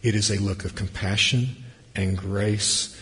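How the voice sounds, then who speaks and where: A man preaching a sermon, swinging between loud emphasis and hushed, near-whispered passages. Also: fairly low pitch, fairly even intonation, a little slow, slightly rough. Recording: long hall reverb.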